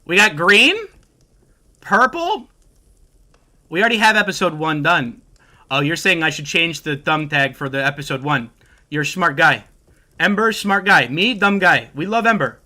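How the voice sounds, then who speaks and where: A man's voice: fairly high pitch, animated, moderate pace, pushed and bright. A man streaming a game, talking casually to his chat in a brash, swearing, trash-talking way. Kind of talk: casual livestream talk to chat.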